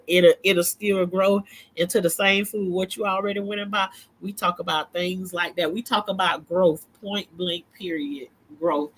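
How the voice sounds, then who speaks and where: Bright-voiced chatty woman vlogger. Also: on the low side, a little hiss or hum. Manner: chatty, rambling, laughs often. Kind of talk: casual talk to camera.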